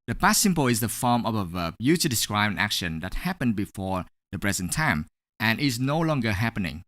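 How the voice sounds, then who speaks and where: A man teaching an online English pronunciation lesson, explaining in a clear, upbeat way. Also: fairly low pitch, big pitch swings, a little fast, fairly bright tone.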